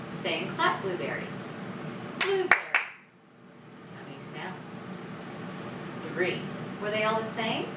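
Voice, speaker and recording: Sing-song woman teaching a kids' music lesson. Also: mid-range voice. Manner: cheerful, sing-song, claps out words. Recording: roomy, distant mic, loud background noise.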